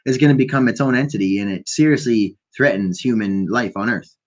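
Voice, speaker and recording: A man's voice: lowish voice, a little fast, lightly acted. A man doing a mocking impression of a male tech billionaire, with an exaggerated South African accent.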